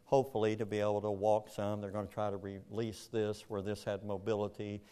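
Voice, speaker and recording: A man with a drawl and a somewhat low voice tells a personal story. He speaks plainly and earnestly, moving between quiet and more forceful stretches. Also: little pitch movement, brisk, smooth. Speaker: speaker telling his story. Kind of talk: personal testimony.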